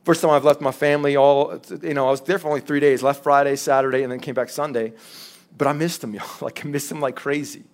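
A man's voice: medium pitch, fairly even intonation, fast. A man, preaching a sermon as a pastor in a candid, conversational way, acting out quotes as he tells stories.

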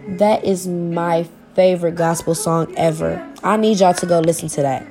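A woman's voice: on the low side, fairly even intonation, normal speed, mellow, faint music behind. A young woman, talking to her viewers in a personal vlog, heartfelt and informal, often repeating herself as she searches for words, close to tears at times.

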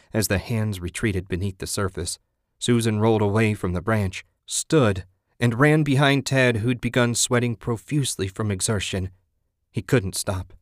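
A man reading a horror story aloud in a steady, grim voice. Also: fairly low pitch, no echo, clean studio sound.

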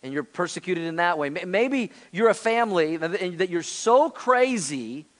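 A man's voice: high voice, expressive, moderate pace. A man in his forties, a pastor, preaching a sermon in an earnest, conversational way to his congregation. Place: church sanctuary.

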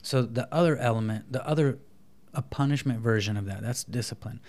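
Man, podcast guest, conversational, animated, mid-pitched voice, slips into voices of kids and parents. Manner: animated, acts out kids and dad in quick voices. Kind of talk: conversational interview, explaining parenting.

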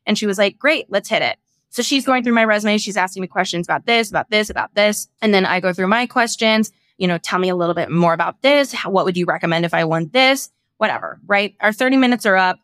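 A young woman hosts a podcast and tells a personal story in a casual, candid way. She acts out other people's voices and swears freely. Her voice sits at a middle pitch and sounds close and dry. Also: fast, dry recording. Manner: animated, acts out quoted voices. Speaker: podcast host.

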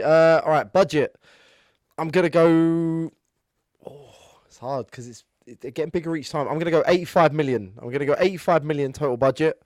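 A man chats on a film podcast and thinks out loud as he talks. He drops dry little jabs at his friends. He has a mid-pitched voice, recorded close and dry. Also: dry recording. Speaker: podcast co-host. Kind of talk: casual podcast chat.

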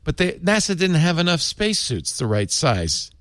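Animated male panel host. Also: fairly high pitch, moderate pace, dry recording, clean studio sound. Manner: animated, jokey, reads news items aloud. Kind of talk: casual panel chat.

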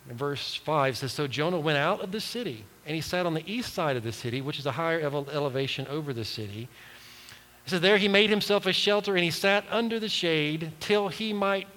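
A man preaching a sermon, earnest and emphatic, dropping to soft, quiet asides between his urgent appeals. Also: fairly high pitch, animated, fairly quick, in a large hall, low-quality recording. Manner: earnest, rises to emphatic calls then drops to soft asides. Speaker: pastor.

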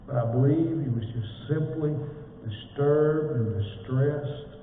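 A man's voice: on the high side, slow pace, a little hiss or hum. Preaching man in an echoey hall. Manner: folksy storytelling, swelling then dropping to a hush. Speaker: pastor. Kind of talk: sermon. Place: church sanctuary. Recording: echoey hall from far off, tinny phone-like sound.

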